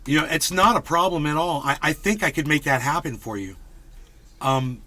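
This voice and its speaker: A man's voice: on the high side, normal speed, sharp tone. A man live streaming, rambling casually to his chat and swearing freely. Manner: rambling, talks straight to chat.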